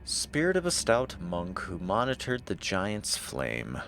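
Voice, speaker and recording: A man's voice: deep voice, huge pitch swings, slow pace, gravelly, a bit bright, slight background noise. A man streaming a game live, joking with his chat, swearing at misses and reading item text aloud. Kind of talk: live gameplay commentary.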